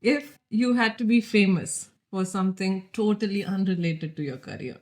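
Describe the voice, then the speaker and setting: A woman's voice: medium pitch, normal speed, a little mellow. Lady podcast host, chatty, laughs a lot, rambly questions. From India. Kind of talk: casual chat.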